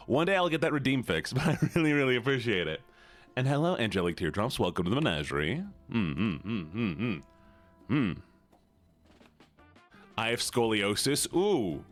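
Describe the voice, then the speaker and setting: Chatting casually with his live-stream audience, this man is playful and teasing, his pitch swinging widely at a normal speed. Faint music plays in the background, and he lets out high squeals when pretending to be upset.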